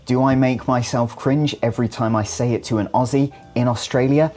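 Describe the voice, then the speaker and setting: A man's voice: mid-range voice, fairly even intonation, fairly quick, darkish tone, faint music behind. A young British man with a British English accent, a vlogger and actor talking to camera in a playful, self-mocking, overdramatic way. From United Kingdom. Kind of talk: scripted vlog to camera.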